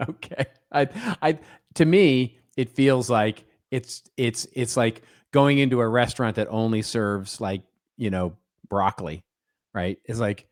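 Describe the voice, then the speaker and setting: A man's voice: medium pitch, steady tone, unhurried, no room sound, clean studio sound. A middle-aged man co-hosting a podcast in casual banter, telling stories in a chatty, wry way and often restarting his sentences. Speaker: podcast co-host.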